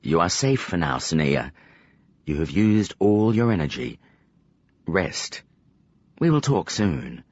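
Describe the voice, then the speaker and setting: A man voicing a stern older male magician who acts as a calm mentor, speaking in a slow, measured, commanding way. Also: low-pitched, no echo, dull audio, exaggerated voice. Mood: gentle.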